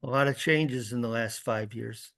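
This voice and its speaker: Calm guy laying out the reasoning, dry sound, normal pitch. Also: no room sound. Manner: measured, explanatory. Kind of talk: meeting discussion.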